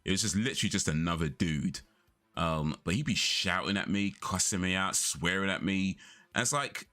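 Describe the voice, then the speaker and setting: A man's voice: low voice, expressive, moderate pace, bright, forceful tone. A young man chatting casually on a live stream, rambling through stories and laughing often.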